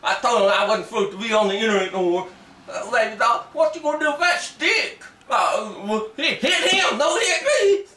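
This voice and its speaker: A man's voice: on the high side, animated, moderate pace, bright, forceful tone, far from the mic. A man playing a boastful, simple-minded backwoods ex-soldier who rambles through a comic story in ungrammatical rural dialect, recorded in an echoey room away from the mic. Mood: pleading, panicky. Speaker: comic character. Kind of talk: comic character monologue. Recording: roomy echo, voice away from the mic.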